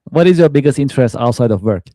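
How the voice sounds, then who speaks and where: Male podcast host, mellow tone, dry close sound, formal questions. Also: medium pitch, lively intonation, fast talker, no room sound. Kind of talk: reading interview questions.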